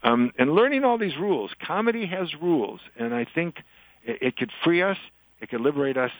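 An older man talks as an interview guest, in a chatty storyteller's way. His voice gets animated when he delivers punchlines. The room sounds dry and close. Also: on the high side, brisk, no echo, poor audio. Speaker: author and guest. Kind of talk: interview conversation, telling jokes.

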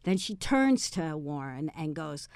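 A woman's voice: deep voice, sing-song, measured pace, a little mellow, smooth, no echo. A woman on a discussion panel who argues her view with assurance.

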